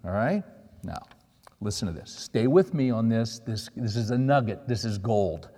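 A man's voice: fairly low pitch, expressive, moderate pace, warm tone. A middle-aged man preaching a sermon, telling stories in a conversational way and checking in with the audience. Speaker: pastor. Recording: long reverb of a large hall.

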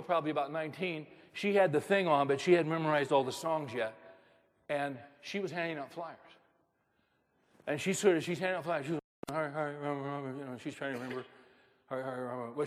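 A man's voice: on the high side, long reverb tail. A man preaching a sermon as a pastor, moving from storytelling to emphatic preaching.

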